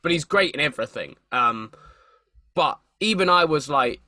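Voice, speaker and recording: A young man in casual chat, animated and swearing freely, often repeating words as he thinks. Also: fairly high pitch, moderate pace, no echo, clean studio sound.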